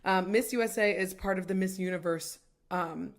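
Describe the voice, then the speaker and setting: Speaking at normal speed in a medium-pitched voice, a young female podcast co-host chats casually. She sprinkles "like" and "um" throughout her speech.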